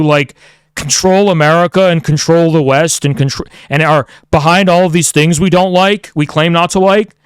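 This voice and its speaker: A man's voice: high voice, a bit bright, clean tone, no room sound, studio quality. A man streaming heated commentary, sarcastic and profane, mocking the people he talks about.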